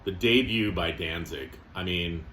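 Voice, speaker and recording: A man from Canada chats to the camera as a record-collecting vlogger. His voice is bright and forceful and sits a little low. Faint room noise hangs behind his casual, joking talk. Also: a little slow. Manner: chatty, joking, fond of strong language.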